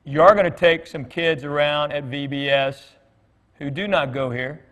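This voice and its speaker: A middle-aged man, speaking as a guest at church, has a fairly high, slightly bright voice with fairly even intonation and a moderate pace; the highs are cut off. He gives a conversational sermon, telling folksy stories and voicing other people's dialogue. The church hall's long reverb is audible.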